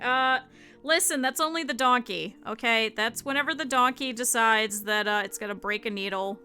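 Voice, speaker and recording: Her voice is fairly high, bright and pushed. Sketching out a sewing pattern on a live stream, this young woman thinks aloud and talks to her chat in a relaxed, casual way while she crafts.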